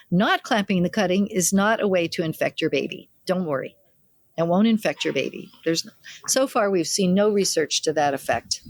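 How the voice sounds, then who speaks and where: Here a lowish-voiced older woman, a midwife, tells anecdotes about her family in an interview. She's a spirited storyteller who imitates the relatives she quotes, recorded in studio quality with no echo.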